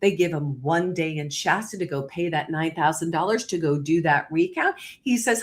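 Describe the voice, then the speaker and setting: Animated woman hosting a livestream. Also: lowish voice. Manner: animated, fast storytelling with quoted exchanges. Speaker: livestream host. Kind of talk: political livestream talk.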